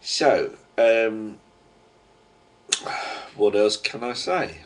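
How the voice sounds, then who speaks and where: Man, Cockney accent, very low voice, chatty rambling webcam monologue, gruff slangy asides. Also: extremely slow. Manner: chatty, digressive, gruff slang and mild swearing. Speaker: webcam vlogger.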